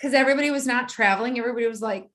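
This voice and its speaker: A woman being interviewed rattles off a personal story at rapid-fire speed, animated and vivid, with plenty of laughter. Her pitch is fairly high.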